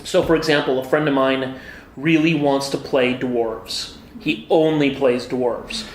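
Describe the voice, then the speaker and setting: A man's voice: mid-range voice, a little slow, slight background noise. A middle-aged man, a game designer, chatting eagerly in a casual interview at a convention, with many fillers. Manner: enthusiastic, animated storyteller with many fillers. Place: busy convention hall. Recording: echoey convention hall with faint ambience.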